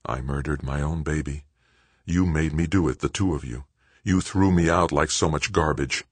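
A man's voice: a bass voice, moderate pace, husky, dry recording. A man doing a cold, vengeful woman. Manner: cold, hushed, flat.

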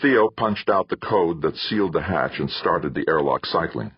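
A man reading an audiobook novel aloud in an expressive storytelling manner, in a dull, dry lo-fi recording. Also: low-pitched, moderate pace, breathy edge, dry recording. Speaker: audiobook narrator. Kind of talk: scripted narration.

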